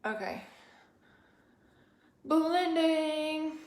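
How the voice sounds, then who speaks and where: A woman's voice: high voice, very slow, a little mellow. A young woman hosting a casual live-stream makeup tutorial, chatty and rambling, a bit out of breath. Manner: chatty, rambling, apologetic asides. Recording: echoey room.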